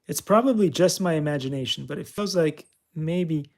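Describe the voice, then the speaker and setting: In casual gameplay commentary, a California channel host loosely jokes his way through a flight simulator, coaching and ribbing himself as he plays. His voice sits a bit above the usual male range, gravelly and darkish, at normal speed.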